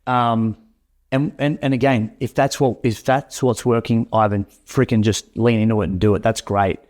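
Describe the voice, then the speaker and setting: Energetic male sales coach, mid-pitched, talks in quick restarts. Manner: energetic, repeats and restarts words. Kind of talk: coaching session talk.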